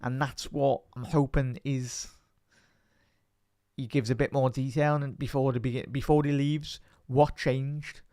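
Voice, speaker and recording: A man's voice: medium pitch, flat delivery, a little slow, warm tone, no room sound, studio quality. A young man from Liverpool with a Scouse accent, talking passionately and a bit rambling in a casual reaction video as a fan channel presenter. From Liverpool, England.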